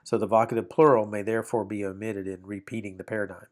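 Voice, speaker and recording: A man's voice: on the low side, little pitch movement, quick pace. A man teaching a Bible Greek lesson, explaining step by step with frequent ums and reading aloud from a textbook. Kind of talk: walking through a textbook lesson.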